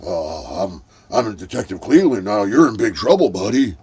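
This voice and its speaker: A man putting on a gruff male detective with a voice that drops low, speaking slowly and with menace. It is a mock-tough cop voice in a commentary skit. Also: big pitch swings, darkish tone, heavily acted. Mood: menacing.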